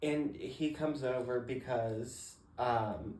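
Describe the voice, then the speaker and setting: A man co-hosting a podcast, spinning stories casually with lots of fillers and acted-out quotes. His voice sits at an ordinary mid pitch. The room gives it a noticeable echo. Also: slow, a little hiss or hum. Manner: animated storyteller, fillers, acts out quotes. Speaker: podcast co-host. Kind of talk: casual storytelling chat. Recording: roomy echo.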